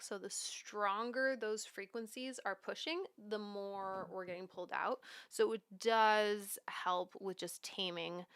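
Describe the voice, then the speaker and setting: A woman's voice: medium pitch, a bit bright, clean tone, no room sound, studio quality. A young woman, a mixing engineer from Canada, gives casual, chatty feedback on a listener's track, full of "like" fillers and asides to herself. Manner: chatty, many "like" fillers, talks to herself while working. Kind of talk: live mix critique, casual instruction. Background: track playing in the session.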